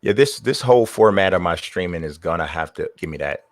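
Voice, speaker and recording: A man's voice: low voice, lively intonation, fairly quick, dry recording, studio quality. A man streaming gameplay, muttering and trash-talking his players as he plays. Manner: trash-talks the game, mutters to himself. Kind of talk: live gameplay commentary.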